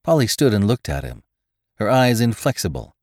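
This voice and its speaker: A man narrates an adventure tale with a very deep voice that still moves expressively up and down. The sound is dry and close, with no room around it. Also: moderate pace, no room sound. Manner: expressive storytelling. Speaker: podcast reader. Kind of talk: scripted narration.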